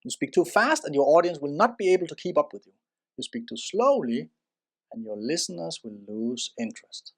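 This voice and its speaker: A presenter giving a spoken lesson in instructional narration, expressive and varying loudness for emphasis. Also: mid-range voice, brisk, slightly rough.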